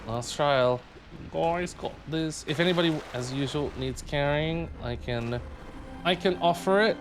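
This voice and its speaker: A man's voice: a little high, unhurried, noisy background. A man streaming a game live, chatting casually and playfully with viewers and humming tunes between remarks. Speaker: livestreamer.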